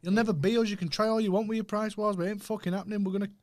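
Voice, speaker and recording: Fast-talking brash man. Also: sits high, steady tone, no room sound. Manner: brash, fast and blunt, swears. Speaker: podcast co-host, vape business owner. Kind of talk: casual podcast chat.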